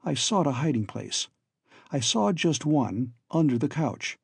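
A man narrating a story in the first person as an audiobook reader, in a measured, steady storytelling manner. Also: medium pitch, gravelly, slightly rough, no room sound, studio quality.

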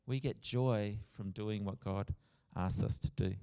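Male pastor, sermon, smooth resonant voice, long church reverb. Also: on the low side, measured pace, mellow. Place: church hall.

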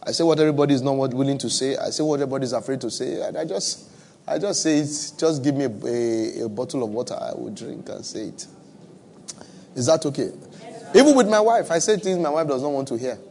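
A man's voice: mid-range voice, quick pace, a little mellow. Man preaching a sermon with a West African accent. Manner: conversational storytelling with humor, repeats phrases. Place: church with live and online audience.

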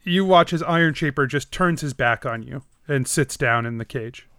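A man's voice: medium pitch, moderate pace, a bit bright, no room sound, clean studio sound. A man narrating as game master of a tabletop game, hesitant and full of fillers.

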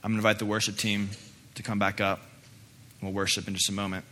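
A man's voice: fairly low pitch, little pitch movement, fast talker, pushed and bright. A young adult man preaching a sermon as pastor, earnest and emphatic, often repeating himself for weight, then leading a prayer. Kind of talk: sermon with personal story and prayer. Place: church sanctuary. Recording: echoey hall, faint noise.

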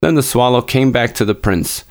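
A man narrating a classic fairy tale aloud in a measured, expressive storybook reading. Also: mid-range voice.

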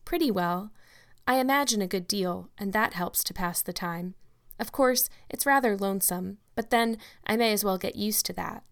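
A woman's voice: medium pitch, normal speed, natural voice. Talkative orphan girl, voiced by a woman narrator: earnest, wordy, heartfelt. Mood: wistful.

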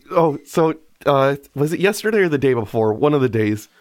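Animated laughing male podcast host. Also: a little high. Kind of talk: casual chat.

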